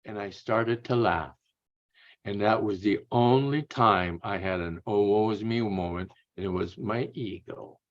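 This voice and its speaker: A man's voice: lowish voice, a little slow, lo-fi sound. A man telling blunt, crude-humored stories as an interview guest, tagging his lines with "man" and "eh". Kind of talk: casual storytelling.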